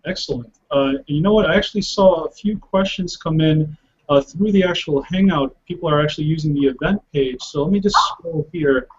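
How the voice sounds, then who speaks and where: A man hosting a live web show, reading viewer questions with many fillers and pauses. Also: fairly high pitch. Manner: hesitant, filler-heavy, reads from the screen. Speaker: host. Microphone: video call. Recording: lo-fi video call audio.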